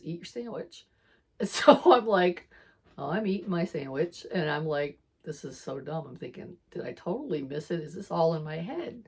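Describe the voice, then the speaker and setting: Rambling, lower-voiced woman telling a story. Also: vocal fry. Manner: rambling, self-quoting, laughs between lines. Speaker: storyteller of her faith testimony. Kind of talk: casual spoken testimony.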